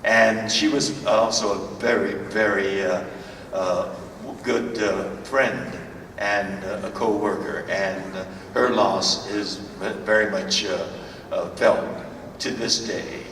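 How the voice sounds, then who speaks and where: Slow halting older man, echoey hall. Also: lowish voice, steady tone, a bit bright, distant mic, a little hiss or hum. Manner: halting, many fillers and restarts. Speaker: convention panel guest. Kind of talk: anecdotal storytelling. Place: large convention hall. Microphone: far from the recording camera.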